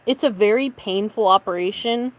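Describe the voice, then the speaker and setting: Woman rambling on a late night stream in her bedroom, clears her throat a lot, easygoing chatty talk. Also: moderate pace, dry recording. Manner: high baby-talk voice to her cat. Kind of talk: casual late-night livestream chat.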